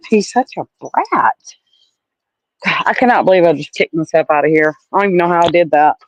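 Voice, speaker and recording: A woman's voice: lowish voice, animated, a little fast, no room sound, low-quality recording. A woman from Alabama with a Southern accent, chatting with viewers on a casual livestream, blunt and salty, calling people honey. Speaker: livestream host.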